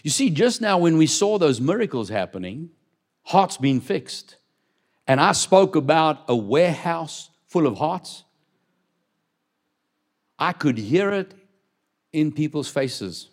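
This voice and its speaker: A male pastor preaches with a fairly high voice, pressing hard on his declarations until they ring out. He slows right down for scripture and throws questions back at the listeners. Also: big pitch swings. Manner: emphatic preaching, rising loud on declarations, dropping low to read scripture; asks the congregation questions. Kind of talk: sermon.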